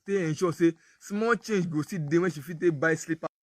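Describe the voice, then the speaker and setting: A man's voice: on the high side, a little fast, no room sound. A man with a Nigerian accent, telling a story in a casual Pidgin sermon talk and acting out the dialogue. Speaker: apostle speaking on parenting.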